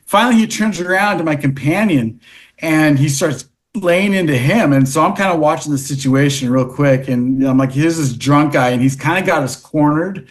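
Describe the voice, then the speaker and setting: A man telling stories as a podcast guest, rambling with many restarts and fillers, and growing animated as the events unfold. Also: on the high side, moderate pace. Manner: animated when recounting events. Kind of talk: casual storytelling.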